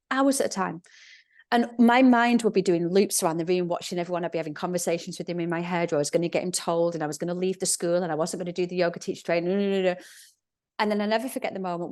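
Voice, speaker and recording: A woman's voice: lowish voice, darkish tone. A middle-aged woman, a podcast guest who teaches yoga, telling stories animatedly and acting out inner voices. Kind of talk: conversational podcast interview.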